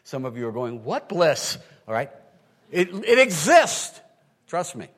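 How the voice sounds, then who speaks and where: A male pastor preaching a sermon, swinging from quiet asides to loud emphatic lines and acting out his listeners' reactions. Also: medium pitch. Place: large hall with an audience. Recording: long hall reverb.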